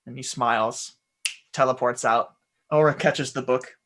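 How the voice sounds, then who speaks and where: A man's voice: medium pitch, steady tone, measured pace, fairly bright tone. A man casually narrating a scene for his tabletop character, with frequent rambling restarts. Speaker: player.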